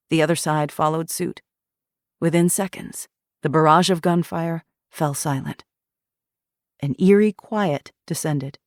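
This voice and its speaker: A woman narrating a thriller audiobook in an even, measured reading. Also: low-pitched, dry recording, clean studio sound.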